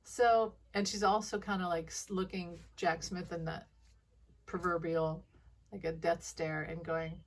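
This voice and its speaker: A woman's voice: on the low side, flat delivery, unhurried, distant mic. A woman giving casual intuitive commentary in a rambling way, often restarting her sentences and laughing. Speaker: intuitive reader.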